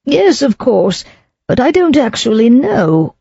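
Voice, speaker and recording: A narrator voicing an anxious, kindly elderly baronet who speaks gently and hesitantly. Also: mid-range voice, sing-song, slow, gravelly, breathy edge, no echo, highs cut off, pitched above the performer's own voice, exaggerated voice.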